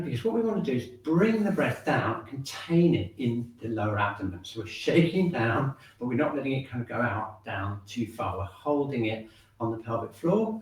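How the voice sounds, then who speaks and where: Man leading a breathing class, mid-pitched voice, very echoey room, a little off-mic, calm and encouraging. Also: distant mic. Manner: calm, encouraging instructions, often checking in with "okay". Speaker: shiatsu and qigong teacher. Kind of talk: guiding an online movement class.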